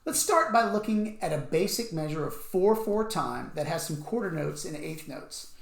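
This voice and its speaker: A man teaching music rhythm, explaining patiently and counting beats out loud. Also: on the high side, sing-song, moderate pace, gravelly. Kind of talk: instructional explanation with counting aloud. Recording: echoey room.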